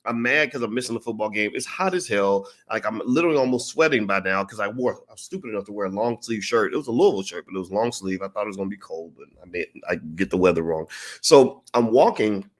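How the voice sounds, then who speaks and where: A man telling a story in a casual, profane, animated way, acting out what people said. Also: lowish voice, fast. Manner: profane, animated, acts out quotes. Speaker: channel host.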